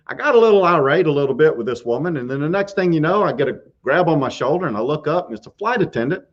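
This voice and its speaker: A man's voice: a little high, big pitch swings, fairly quick. A man hosting a live stream, casually telling a scary story with frequent chuckles and restarts. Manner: chuckles often through a spooky tale, with restarts. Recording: dull lo-fi stream audio.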